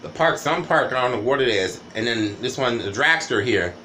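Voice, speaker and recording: A man's voice: medium pitch, animated, normal speed, sharp tone, a little hiss or hum. A man vlogging a rambling, casual storytime monologue, often tagging "right?" and "you know" onto his sentences.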